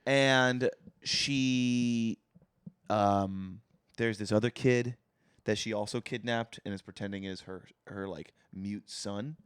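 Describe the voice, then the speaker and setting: A man co-hosting a podcast, telling a story in an animated way and swearing freely into a studio mic. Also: fairly low pitch, slow, clean tone, no room sound. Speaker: podcast co-host. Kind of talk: casual chat.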